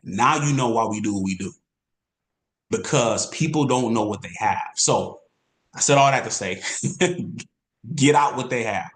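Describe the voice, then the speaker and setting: An energetic man coaches insurance agents in a sales training talk, repeating his points for emphasis. His voice is middle-pitched, his pace measured, and he pauses often. The recording carries a roomy echo.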